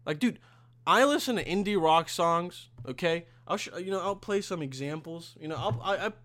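Profane high-voiced young podcast guy. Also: lively intonation, normal speed. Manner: profane, rambling, bursts into loud outbursts. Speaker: podcast host. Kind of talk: casual solo podcast rant.

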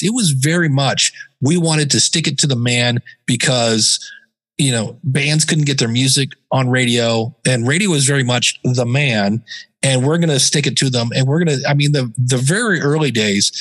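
A man as a podcast guest, telling stories in a casual, animated way and sometimes mimicking other voices. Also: mid-range voice. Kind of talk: casual interview talk.

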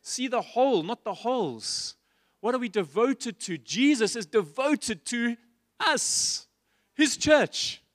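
High-voiced man preaching a passionate sermon. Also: lively intonation, slow pace, a bit bright, no room sound, clean studio sound. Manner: passionate, repetitive preaching with rhetorical questions. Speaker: pastor. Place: church.

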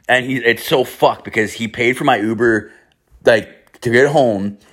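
A man casually telling a rambling, profane story as a vlogger, piling up "I was like" asides. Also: fairly low pitch.

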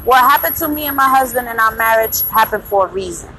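A woman venting in a blunt, profane, casual monologue, breaking into loud laughs. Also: a little high, lively intonation, quick pace, slight background noise, rough recording.

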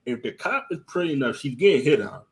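A man's voice: mid-range voice, sing-song, quick pace. Profane New man telling stories. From US East Coast. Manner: profane, repetitive storytelling with acted-out quotes. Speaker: podcast host. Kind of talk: casual chat.

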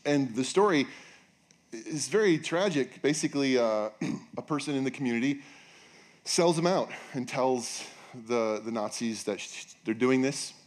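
A male pastor preaching a sermon in a casual, joking way, acting out quotes with bursts of excitement. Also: mid-range voice, measured pace. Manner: animated, jokey, acts out quotes in raised voice. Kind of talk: sermon with storytelling.

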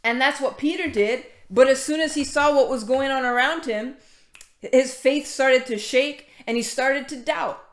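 A woman's voice: high voice, normal speed. A woman preaching a casual sermon, reading scripture and chatting informally with many fillers and restarts. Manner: conversational, many fillers and restarts, greets latecomers mid-talk. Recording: echoey room.

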